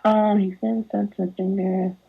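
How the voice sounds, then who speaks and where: Young woman podcast guest, lower husky voice, lively mocking rants over a thin tinny line. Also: measured pace. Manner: animated ranting, mocking put-on voices. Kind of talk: casual podcast chat. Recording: tinny phone-like audio.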